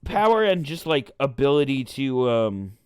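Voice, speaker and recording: A man's voice: mid-range voice, big pitch swings, normal speed, darkish tone, smooth, no room sound, studio quality. A young man co-hosting a podcast, telling a rambling, swear-filled gaming story in casual chat with friends. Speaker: podcast co-host.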